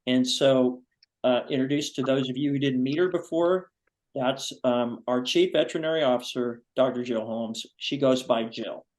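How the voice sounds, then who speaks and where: A man hosting a foundation's live video-call show, chatting enthusiastically in a rambling way with many pauses. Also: medium pitch, a little mellow, rough recording. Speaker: foundation vice president and host. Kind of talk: casual Zoom talk show chat.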